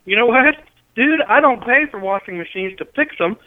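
A man's voice: very high voice, lively intonation, normal speed, no room sound. A man on a phone call, angry and swearing at the caller. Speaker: prank call victim. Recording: tinny phone line.

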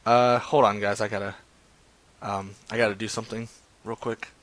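A man streaming prank calls and chatting casually with his viewers, excitable and profane, often laughing. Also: lowish voice, moderate pace. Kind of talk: casual live-stream chat.

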